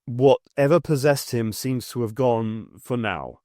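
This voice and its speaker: A man voicing a guarded country doctor in an audiobook, measured and cautious. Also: medium pitch, dark tone, no echo, close to an everyday voice.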